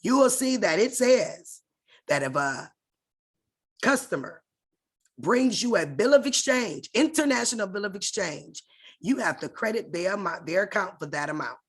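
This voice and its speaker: A woman's voice: medium pitch, expressive, normal speed, slightly rough. A woman leading an online class over a video call, in a casual and direct instructional tone that addresses her listeners familiarly.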